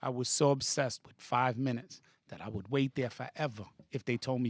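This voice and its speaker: A man's voice: mid-range voice, a little fast, no echo, clean studio sound. A man, a comedian guest on a podcast, telling stories animatedly and with profanity, acting out the quotes. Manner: profane, excited, acts out quotes. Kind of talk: animated storytelling in a podcast interview.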